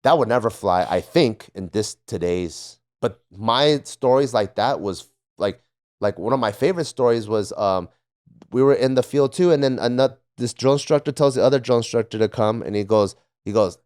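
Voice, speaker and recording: A man with a low voice telling stories in loose, casual chat. He swears often, laughs at his own stories and briefly barks out the lines of drill instructors. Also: expressive, normal speed, a little mellow. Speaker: podcast panelist, former Marine. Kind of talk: casual storytelling.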